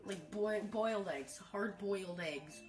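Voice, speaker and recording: A woman chatting casually over a video game, giggly, excitable and playful. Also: medium pitch, a little slow, music in the background. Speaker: gameplay commentator. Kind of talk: casual gameplay chat. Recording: roomy, distant from the mic.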